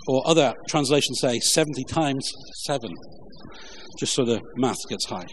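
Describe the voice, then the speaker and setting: A man preaching a relaxed, conversational sermon with jokey asides and lots of fillers, reading scripture along the way. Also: medium pitch, a little hiss or hum. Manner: informal, halting, many fillers, jokey asides. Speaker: pastor.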